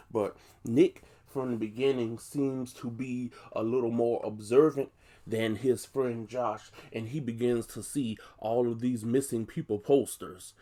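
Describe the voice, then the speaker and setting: A man's voice: medium pitch, fairly even intonation, a little slow, warm tone. Laid-back man casually recapping a movie. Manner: chatty, loose and conversational, full of "you know" asides. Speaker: movie reviewer.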